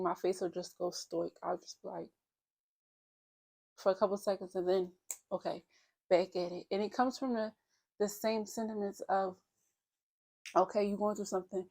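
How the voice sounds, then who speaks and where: Reflective woman in her thirties, gravelly. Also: medium pitch. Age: 30s. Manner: open, reflective, speaks of her feelings. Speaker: vlogger. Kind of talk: candid personal vlog talk.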